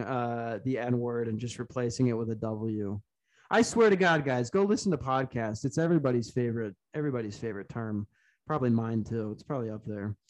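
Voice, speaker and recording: A man's voice: mid-range voice, a little mellow. A young man co-hosting a casual comedy podcast, rambling through crude jokes, swearing often and laughing at his own lines. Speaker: podcast co-host.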